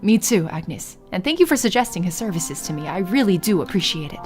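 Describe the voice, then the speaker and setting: A woman's voice: on the low side, very animated, fairly quick, soft background music. A woman voicing a polite, slightly nervous young woman in a visual novel read aloud on stream.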